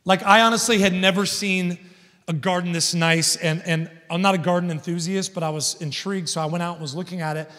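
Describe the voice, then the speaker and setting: Man, 30s, guest preacher; storytelling sermon with rising emphatic peaks, higher voice, reverberant sanctuary. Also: steady tone, a little fast. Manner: storytelling, builds to loud emphatic points. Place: large church hall. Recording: long church hall reverb.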